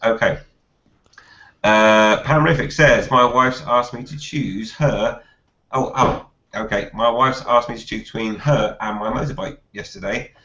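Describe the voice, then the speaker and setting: A man's voice: mid-range voice, pushed and bright. Chatty man reading comments, roomy lo-fi sound. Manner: chatty, laughs often, reads comments aloud haltingly. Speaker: host reading viewer questions. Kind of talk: casual live chat. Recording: roomy, dull lo-fi live stream audio.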